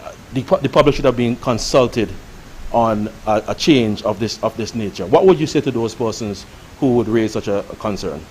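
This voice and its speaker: A man interviewing a guest on TV news, asking in a measured, hesitant way. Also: mid-range voice, a little mellow, slight background noise.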